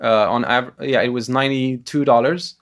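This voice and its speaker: A man in his thirties pitching his startup to investors, answering questions hesitantly with many fillers. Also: fairly even intonation, normal speed.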